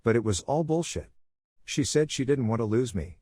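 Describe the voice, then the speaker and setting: A man reading online relationship stories aloud as a narrator, in a plain, even delivery. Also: medium pitch, normal speed, husky, no echo, clean studio sound. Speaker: story narrator. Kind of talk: scripted narration of online posts.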